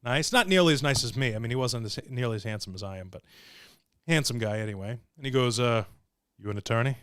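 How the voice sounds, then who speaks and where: A man's voice: medium pitch, quick pace, clear, resonant tone, no echo, clean studio sound. A man hosting a livestream and telling a story with jokes, swearing and acted-out voices. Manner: animated, profane, joking. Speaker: show host.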